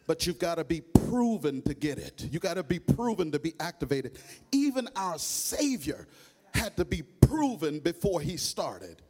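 A man with a Southern American accent preaching a sermon in a church, in a chanting, sing-song cadence that rises to shouts. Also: fairly high pitch, big pitch swings, a little slow, slightly rough. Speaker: bishop preaching.

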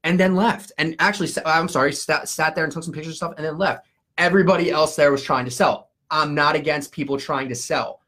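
A man's voice: a little high, fairly even intonation, brisk, bright, forceful tone. A man hosting a podcast, telling stories in casual chat, earnest, with many stammered restarts. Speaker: podcast host.

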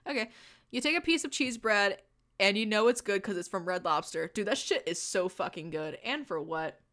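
A woman's voice: mid-range voice, lively intonation, moderate pace, fairly bright tone. A young woman hosting a podcast, reading a silly fanfiction aloud with playful, laughing asides. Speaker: podcast host.

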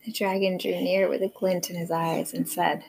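A woman's voice: on the low side, little pitch movement, normal speed, vocal fry, darkish tone, a little hiss or hum. A woman reading a picture book aloud in turns with a child, prompting the next lines.

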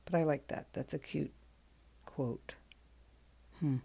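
A woman in her forties hosting a podcast, talking casually in a soft, halting way, worn out from crying. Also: deep voice, fairly even intonation, creaky, breathy edge. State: exhausted from crying. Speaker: podcast host. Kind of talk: casual spoken tribute monologue.

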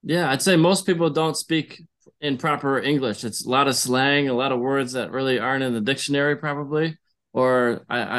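A man hosting a podcast, asking questions in a relaxed, casual way. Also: mid-range voice. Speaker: podcast host. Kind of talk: casual interview chat.

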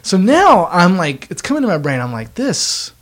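A man's voice: sits high, wildly swooping pitch, a little fast, a bit bright. A man in his twenties telling a long story in casual podcast chat, joking and laughing often. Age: 20s. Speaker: podcast co-host.

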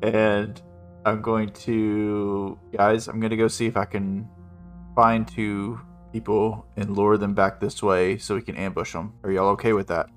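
A man, playing a tabletop game in a relaxed drawl. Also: lowish voice, measured pace. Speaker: player. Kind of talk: casual tabletop play. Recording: faint music behind.

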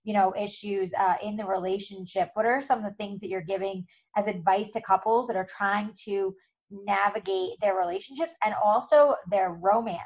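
A woman's voice: mid-range voice, moderate pace, darkish tone. A heavily pregnant woman hosting a casual chat, rambling with many likes. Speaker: podcast host. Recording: dull muffled audio.

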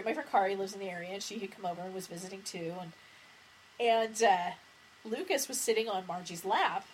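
A woman's voice: mid-range voice, poor audio. A woman co-hosting a podcast in casual chat, telling long rambling stories and laughing as she goes. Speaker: podcast co-host. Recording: faint background noise.

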